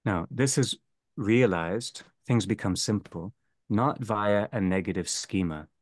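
Man, low voice, dry close sound, theology lecture, measured and repetitive phrasing. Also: dry recording. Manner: slow, deliberate, restates each phrase. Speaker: seminar leader.

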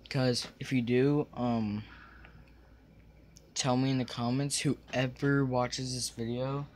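A man's voice: medium pitch, flat delivery, slow pace. Rambling young guy, faint room hum. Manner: scattered, forgetful, many fillers and restarts. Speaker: vlogger. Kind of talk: rambling casual vlog. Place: small room at home.

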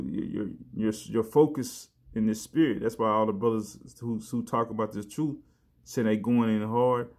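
A preacher delivers a casual sermon in a loose, conversational way, his voice on the low side and a little mellow. He often drops in "man" and "you know," and reads verses slowly and with emphasis.

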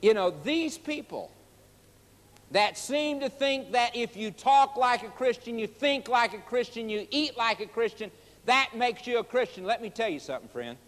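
A man's voice: extremely high pitch, animated, moderate pace, a bit bright, long reverb tail. A male preacher delivering a sermon in an emphatic, folksy manner, addressing the listeners directly.

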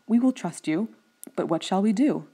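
A woman voicing a tiny, proud female mouse queen in a storybook reading, with a squeaky, indignant way of talking. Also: lively intonation, moderate pace, mellow, husky. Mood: alarmed.

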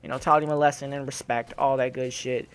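A young man giving casual, profane reaction commentary on fights, animated and trash-talking. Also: medium pitch, a little fast, a little hiss or hum. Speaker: gaming channel host.

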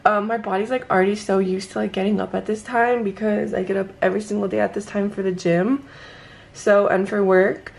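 Young female vlogger, gravelly fry, sleepy, gushing and emotional to camera. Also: medium pitch, fairly quick. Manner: gushing, excited, says "like" a lot. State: teary and emotional; just woke up, sleepy voice. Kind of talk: casual vlog to camera. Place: at home. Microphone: handheld camera.

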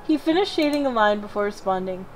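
A woman co-hosting a let's play, reading a visual novel's narration aloud with expressive lift and frequent giggles. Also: medium pitch, fast, faint music behind, poor audio.

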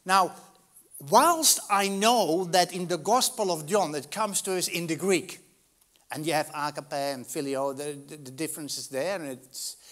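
A man preaching a sermon as pastor, telling a story dramatically with big swings between loud and soft. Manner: dramatic storytelling with wide swings in loudness and pitch; slow, deliberate delivery with long pauses.

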